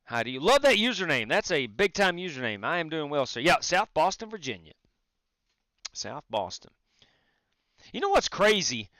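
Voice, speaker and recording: A man's voice: on the high side, very animated, normal speed, long pauses, pushed and bright, dry recording. A man streaming a sim race, chatting casually and greeting viewers while he drives. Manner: frequent fillers and restarts. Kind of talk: casual live-stream commentary.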